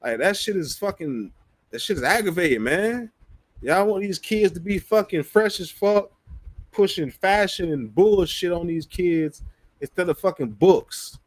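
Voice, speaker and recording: A man's voice: sits high, lively intonation, a little slow, no echo. A man ranting bluntly on his livestream, profane and emphatic.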